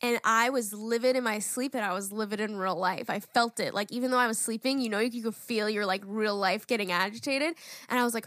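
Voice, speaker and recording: A young woman co-hosting a podcast, telling stories in a lively, animated way and swearing freely. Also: fairly high pitch, fairly quick, dry recording, studio quality. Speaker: podcast co-host. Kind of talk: casual chat.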